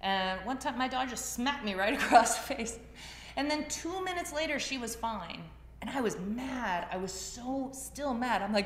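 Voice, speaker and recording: Teaching yoga in a classroom, this woman talks to her group as if telling stories in conversation. Her voice is on the high side, a bit bright and expressive, at a normal speed. The room sounds echoey, with faint ambient noise.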